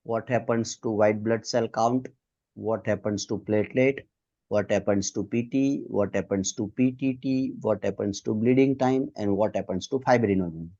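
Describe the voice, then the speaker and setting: A man's voice: lowish voice, normal speed, warm tone, highs cut off. Patient Indian man tutoring medical exams. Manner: patient, drills students one item at a time. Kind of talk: online quiz lesson.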